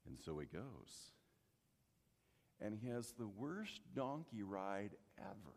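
A man preaching a sermon, telling the story with lively acting-out and speaking straight to the congregation. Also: lowish voice, takes it slowly, big-room sound. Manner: animated storytelling, addresses congregation directly.

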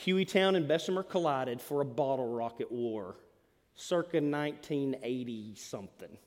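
A man, preaching a sermon as pastor, telling stories with big swings between loud and hushed delivery. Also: medium pitch, animated, moderate pace. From Alabama. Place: church hall. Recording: long hall reverb.

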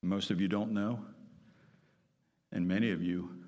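A man's voice: deep voice, steady tone, a little slow, a little mellow. Emphatic male pastor in a reverberant hall. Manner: emphatic, repeats key phrases, asks the congregation questions. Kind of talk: sermon. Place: church sanctuary. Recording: long reverb of a church hall.

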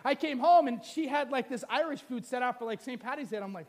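A man's voice: very high-pitched, fast talker. A middle-aged male pastor preaching a sermon, telling the story with playful asides and acting out the scenes.

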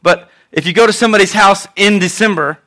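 A man in his thirties, a pastor giving a conversational Mother's Day sermon, animated and prone to repeating himself. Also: sits high, brisk.

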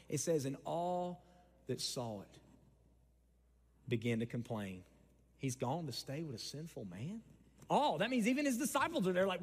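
High-voiced man preaching in a hall. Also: moderate pace. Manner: animated, swings from loud to quiet, acts out quotes. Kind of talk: sermon. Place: church hall. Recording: hall with long reverb.

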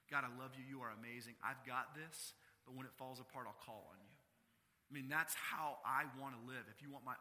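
Emphatic man preaching, ringing hall. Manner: emphatic, rising to loud stressed phrases then dropping low and quiet. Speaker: pastor. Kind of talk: sermon. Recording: long hall reverb.

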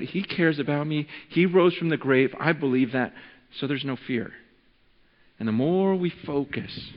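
A man preaching a sermon as pastor, talking in a relaxed, conversational way and working a demonstration with a volunteer. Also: fairly high pitch. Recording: dull lo-fi recording in a reverberant hall.

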